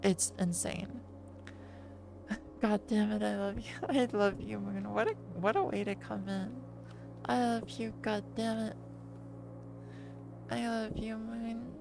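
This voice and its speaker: A woman's voice: medium pitch, slow, vocal fry, over music. A woman streamer rambling casually to her chat while lying down, often correcting herself mid-sentence. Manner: rambly, self-correcting, chatty with viewers.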